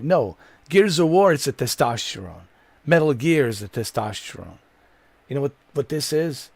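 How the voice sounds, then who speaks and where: Gravelly, exasperated man ranting over gameplay. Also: mid-range voice, very animated, normal speed, a little mellow, no echo. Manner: exasperated, profane, repetitive ranting. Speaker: gamer streamer. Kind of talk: gameplay commentary rant.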